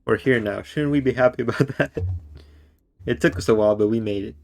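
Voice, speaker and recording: While streaming a game live, a man in a medium-pitched, creaky, darkish voice banters with a friend on voice chat and teases him. He then switches to narrating the game's story text slowly and deliberately.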